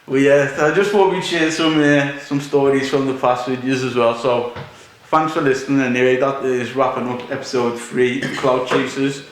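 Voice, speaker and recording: A man, hosting a podcast and telling a story in casual, animated chat, laughing as he goes. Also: medium pitch, normal speed, a little hiss or hum. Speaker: podcast host. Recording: echoey room.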